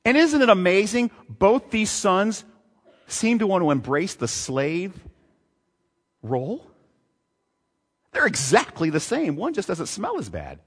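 A male pastor preaching a sermon, animated, reading scripture and throwing out rhetorical questions, recorded in a large hall or church. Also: high-pitched, measured pace, long pauses, slightly rough. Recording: long hall reverb.

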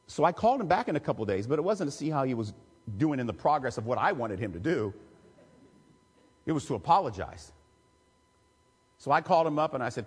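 A man, a pastor telling a personal story in a sermon with emotional, confessional warmth. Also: on the high side, very animated, quick pace, pauses often, slightly rough. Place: church sanctuary. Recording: long reverb of a church hall.

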